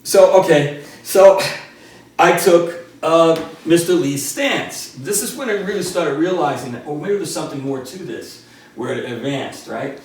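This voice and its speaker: A man in his sixties, a martial arts instructor telling a story in an animated, laughing way. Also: on the high side, unhurried. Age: 60s. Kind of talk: casual storytelling. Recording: roomy, distant from the mic.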